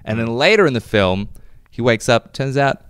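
A man's voice: mid-range voice, moderate pace, clear, resonant tone, no echo, studio quality. A man co-hosting a casual podcast, retelling film scenes with laughter. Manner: laughing, relaxed storyteller. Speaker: podcast co-host. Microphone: headphones and podcast mic.

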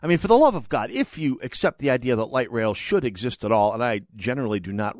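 A man's voice: mid-range voice, lively intonation, quick pace, hardly any pauses, no room sound. A man hosting a talk radio show, giving opinionated commentary with emphatic, sarcastic delivery and indignant outbursts into a studio mic.

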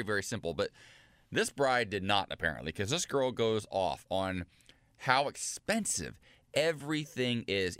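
A man in his thirties co-hosting a morning radio show, telling a story with animated enthusiasm. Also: medium pitch, no room sound, clean studio sound. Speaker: co-host. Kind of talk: casual radio show chat.

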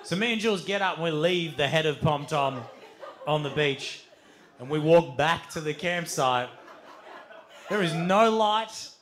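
An Australian man, a comedian, telling a live stand-up story in a loud, animated way, swearing and laughing as he goes. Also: fairly high pitch, unhurried, background noise. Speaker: comedian and podcast host. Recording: live stage recording.

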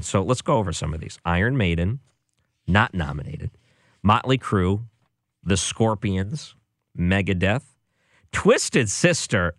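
A man's voice: sits low, dry recording, clean studio sound. A man hosting a show, giving casual music commentary with a sarcastic, exasperated manner. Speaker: radio or podcast host.

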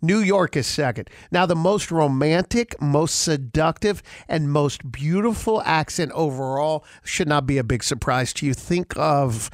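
A man's voice: on the high side, measured pace, hardly any pauses, dry recording, studio quality. A man hosting a radio show, leading casual banter and reading out poll results with emphasis. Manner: leads the segment, reads out poll results with emphasis.

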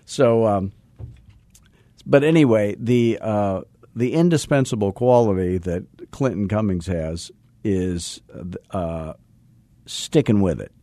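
A man's voice: lowish voice, slow pace, dark tone, no echo. A man in his sixties hosting a radio talk show, telling a long casual anecdote and acting out the other speaker's lines, with lots of fillers and restarts. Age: 60s. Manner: rambling anecdotes with acted-out dialogue and many restarts. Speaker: real estate sales coach, show host.

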